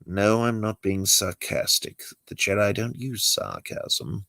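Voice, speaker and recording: Casting: man reading a wisecracking weary Jedi hermit, low gravelly voice, swinging pitch. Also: slow, no room sound, exaggerated voice. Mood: wry. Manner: sardonic, lively delivery. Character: dry-witted exiled male Jedi master. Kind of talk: amateur script read-through.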